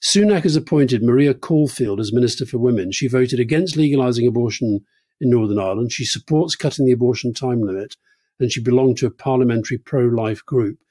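A man's voice: medium pitch, fairly quick, warm tone, slightly rough, no echo. A man in his sixties co-hosting a conversational political podcast, earnest and reflective. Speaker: podcast co-host.

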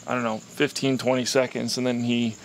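A man's voice: mid-range voice, little pitch movement, fairly quick. A young man, a vlogger, telling an emotional personal story in a rambling way with many fillers.

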